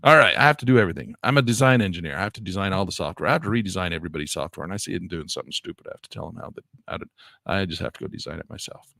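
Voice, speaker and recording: A man teaching a live options trading lesson in a chatty way, grumbling at his software and jumping high when exasperated. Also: animated, rapid-fire, gravelly, no echo, clean studio sound. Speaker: trading instructor.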